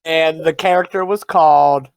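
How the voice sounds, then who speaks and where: A man's voice: fairly high pitch, fairly even intonation, normal speed, creaky, clean tone, no room sound. A man hosting a casual interview, eager and stammering as he asks questions. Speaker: interviewer, podcast host.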